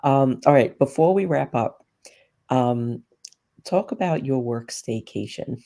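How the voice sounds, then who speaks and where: Very low, gravelly middle-aged woman host. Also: slow pace. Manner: relaxed, reflective, short affirmations. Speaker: interview host. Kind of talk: casual interview chat.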